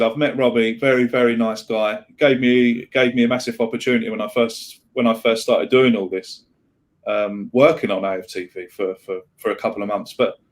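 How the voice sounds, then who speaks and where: A man co-hosting a casual podcast chat, rambling, repeating himself and swearing freely. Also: medium pitch. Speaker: podcast co-host.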